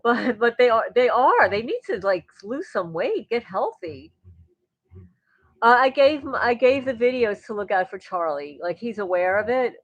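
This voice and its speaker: A woman's voice: fairly high pitch, expressive, moderate pace, no echo, lo-fi sound. A woman hosting a livestream, chatting in a rambling way and answering viewer comments. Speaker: livestream host. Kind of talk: casual livestream chat.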